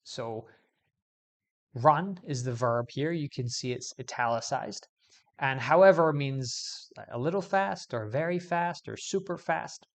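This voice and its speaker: A man teaching English grammar in a video lesson, explaining clearly and stressing key words as he goes. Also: medium pitch, a little slow.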